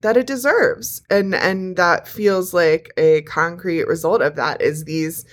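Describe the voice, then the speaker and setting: A woman co-host speaking in deliberate, thoughtful phrases on a casual podcast. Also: on the low side.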